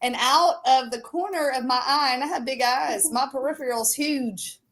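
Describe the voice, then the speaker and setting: A woman in casual chat, telling an animated story full of fillers. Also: sits high, moderate pace. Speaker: show regular and storyteller.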